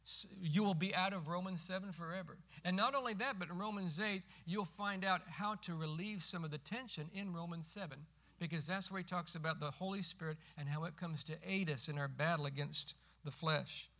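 A middle-aged man preaching a sermon as pastor, emphatic and rising to forceful cries when quoting scripture. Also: high-pitched, fairly quick, few pauses.

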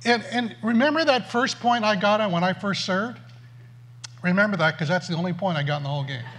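A man tells a funny story from the pulpit and pokes fun at himself. He keeps it animated, and his voice sits a little high and swings widely. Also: brisk, slight background noise. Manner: animated, self-mocking storyteller. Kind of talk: storytelling sermon.

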